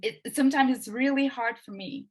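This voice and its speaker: Here a Brazilian woman, Portuguese being her first language, conducts an interview by video call. She sounds eager yet hesitant, restarting frequently, in a slightly high voice with a darkish, somewhat rough tone.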